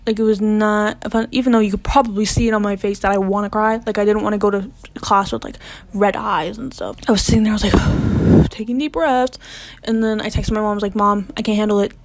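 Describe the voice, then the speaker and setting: A woman's voice: mid-range voice, fairly even intonation, fast, no echo. A young woman vlogger telling a personal storytime in a casual, chatty way, full of "like" fillers, sometimes dropping to a whisper. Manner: chatty, lots of "like" fillers, drops to whispers when reliving panic.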